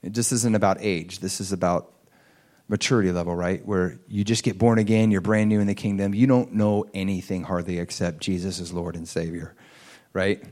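A man's voice: low-pitched, flat delivery, normal speed, darkish tone. A man preaching a sermon in a conversational way, checking in with the congregation and rising to emphatic peaks. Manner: asks the audience for agreement.

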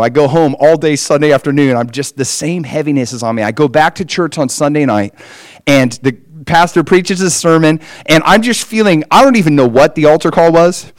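A man's voice: fairly high pitch, fairly quick, dry recording. A man preaching a personal testimony as a story, with emphatic rises in his delivery.

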